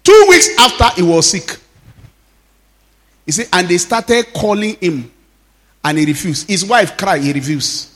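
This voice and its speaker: A Nigerian pastor in his fifties delivers a lively sermon, slipping Yoruba phrases into his English. His voice sits high and leaps up and down, and he acts out the people in his stories. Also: unhurried, long pauses. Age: 50s. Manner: animated storytelling, laughing often, acting out quoted speech.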